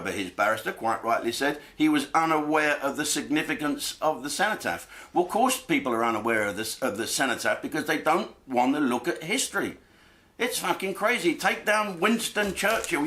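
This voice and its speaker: A man's voice: mid-range voice, sharp tone. A man, a comedian, delivering an angry monologue to camera full of swearing and rhetorical questions.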